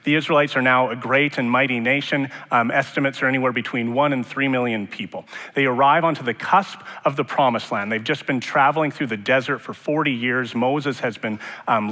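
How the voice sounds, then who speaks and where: A man's voice: medium pitch, bright, forceful tone. A man preaching a sermon in a church, conversational, with joking asides. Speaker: pastor. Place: church sanctuary. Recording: long reverb of a sanctuary.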